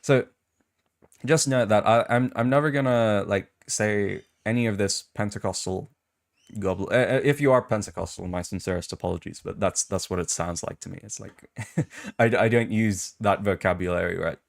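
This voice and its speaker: A male VTuber streamer and podcast host runs a casual live chat, rambling and reacting with amused disbelief as he reads comments aloud. His voice is lowish and gravelly, at a moderate pace.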